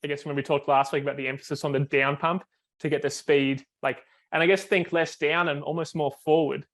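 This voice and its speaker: Flat-voiced man coaching with fillers. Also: fairly high pitch, a little fast. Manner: explains step by step with many fillers and restarts. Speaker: foiling coach. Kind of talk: coaching call video review.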